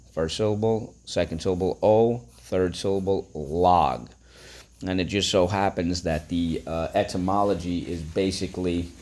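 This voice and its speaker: A man teaching a phonics lesson, breaking words into syllables and prompting listeners to repeat. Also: deep voice.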